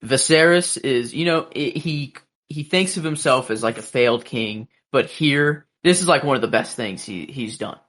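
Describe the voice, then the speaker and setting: A man's voice: mid-range voice, moderate pace, hardly any pauses, fairly bright tone. A man co-hosting a podcast, chatting casually and reacting to his partner's episode recap. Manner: chatty, reactive, asks questions. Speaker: podcast co-host.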